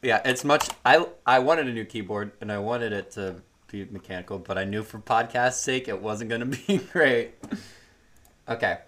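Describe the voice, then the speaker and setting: A man's voice: mid-range voice, normal speed, a bit bright, slight background noise. A young man co-hosting a casual podcast chat, upbeat and jokey, at times reading facts aloud. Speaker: podcast co-host.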